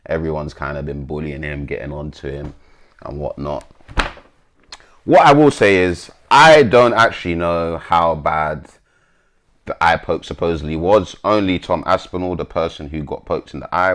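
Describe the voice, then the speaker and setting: A man hosting an MMA commentary channel, chatting bluntly and swearing as he reads posts to his viewers. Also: deep voice. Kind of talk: casual commentary, reading posts aloud.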